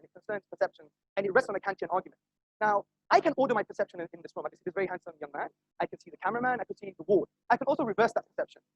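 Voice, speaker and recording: Rapid-fire, husky-voiced male debater. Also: extremely high pitch, no echo, highs cut off. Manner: rapid, assertive, argumentative, with pointed asides to the audience. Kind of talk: formal debate speech. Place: auditorium before a live audience.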